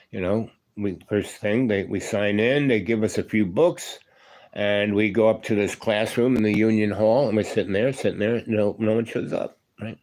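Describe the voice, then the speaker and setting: Rambling older man with a low voice. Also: a little mellow. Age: 70s. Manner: rambling, full of "you know" and "right?". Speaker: former union electrician. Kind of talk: casual spoken storytelling.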